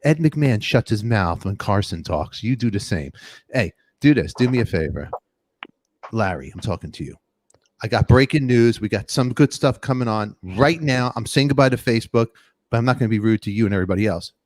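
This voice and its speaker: A man hosting a live online talk show, joking loudly and giving quick shout-outs to viewers in the chat. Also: fairly low pitch, lively intonation, a little hiss or hum. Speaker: podcast host. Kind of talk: lively live-stream chat.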